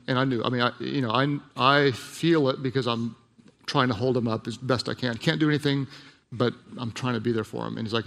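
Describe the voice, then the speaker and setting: A man preaches to a congregation, his voice gravelly and textured. He moves from quiet, personal storytelling to emphatic, repeated lines, at a middle pitch for a man. The sound carries a long reverb, as in a large church hall. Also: fairly even intonation, fairly quick. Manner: storytelling, dropping to a hushed voice then building to emphatic repeats. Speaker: pastor. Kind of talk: sermon.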